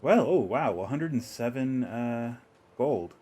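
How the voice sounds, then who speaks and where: A man's voice: medium pitch, expressive, slow, mellow, breathy edge. Easygoing man chatting through his gameplay. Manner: chatty, talks to himself and the game, chuckles often. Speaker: streamer playing a video game. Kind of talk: casual gameplay commentary.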